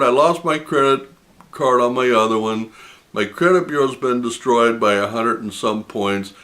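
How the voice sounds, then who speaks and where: A man's voice: medium pitch, moderate pace, fairly bright tone. A man in the middle of his voice range tells a story straight to camera, full of indignation. He pushes hard on key words as he retells a customer-service call, and he breaks into disbelieving laughs. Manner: indignant, retelling a phone argument with heavy emphasis. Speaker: personal finance channel host.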